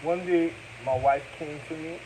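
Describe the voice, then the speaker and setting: A man's voice: fairly high pitch, steady tone, normal speed. A man telling rambling stories in casual chat, often breaking into laughter and snatches of chanted song. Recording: noisy recording.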